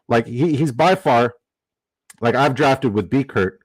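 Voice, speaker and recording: A man's voice: medium pitch, unhurried, no room sound, low-quality recording. A man hosting a casual fantasy football draft stream, rambling with lots of fillers and reading chat comments aloud.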